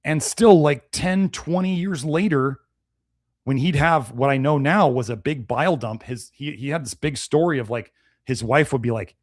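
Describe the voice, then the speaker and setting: Man, live-stream host, blunt and chatty, mid-pitched voice, dry close sound. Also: a little slow, no echo. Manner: blunt, conversational, animated. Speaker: nutrition show host. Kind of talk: live-stream talk answering viewer comments.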